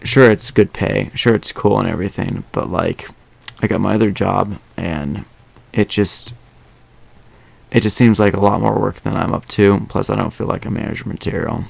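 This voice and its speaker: A man's voice: fairly low pitch, steady tone, normal speed, gravelly, no echo. A young man hosting a casual podcast, rambling with lots of fillers and restarts. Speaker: podcast host.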